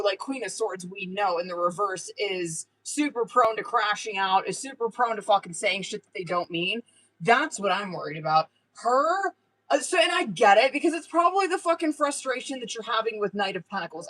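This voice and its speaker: Woman tarot reader live-streaming, loose, profane, chatty. Plain mid-pitched voice. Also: a bit bright, poor audio. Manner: casual, swears often, filler-heavy.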